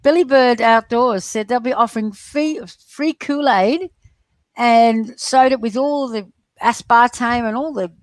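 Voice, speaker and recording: A middle-aged woman hosting a live stream, talking in a rambling, excitable way and chatting to viewers as she reads their comments. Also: on the high side, measured pace, dry recording. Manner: rambling, excitable, talks straight to her viewers. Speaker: livestream host reading viewer chat. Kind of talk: casual live-stream chat.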